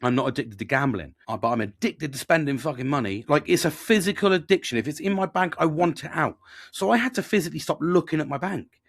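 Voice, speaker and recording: A man's voice: a little high, lively intonation, quick pace. A middle-aged man, talking candidly and rambling in a casual podcast monologue, swearing often and poking fun at himself. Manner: sweary, rambling, self-deprecating. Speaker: podcast host.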